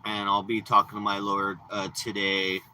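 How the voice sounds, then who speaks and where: Sharp-voiced man rambling on a stream. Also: fairly low pitch, monotone, normal speed, slight background noise, poor audio. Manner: profane, boastful, rambling storytelling. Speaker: live streamer. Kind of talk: casual rambling livestream chat.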